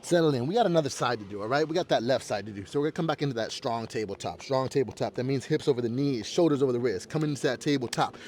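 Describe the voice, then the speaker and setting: A man's voice: medium pitch, rapid-fire, hardly any pauses, a little mellow, slight background noise. A man leading a yoga flow, cueing breaths and poses in a laid-back way and swearing constantly. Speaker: yoga instructor. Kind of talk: guided yoga class with profane banter.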